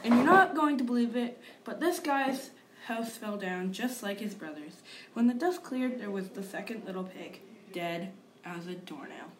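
Here a woman takes on the role of a male wolf narrator, sly and sorry for himself, confiding his grievances about what really happened. Her mid-range reading is expressive and moderately paced, lightly acted, over a faint hiss or hum.

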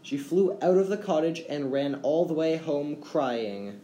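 A man reading a children's fairy tale aloud as a storyteller, with gentle, expressive delivery. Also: on the high side, unhurried. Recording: roomy echo, faint background hum.

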